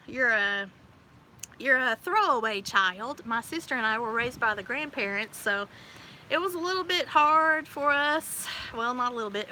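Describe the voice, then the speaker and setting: A woman in her forties chatting casually on her live stream outdoors, bubbly and quick to laugh. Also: high voice, bright, forceful tone. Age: 40s. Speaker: livestream host. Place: outdoors by a pool on a windy day. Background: wind gusts.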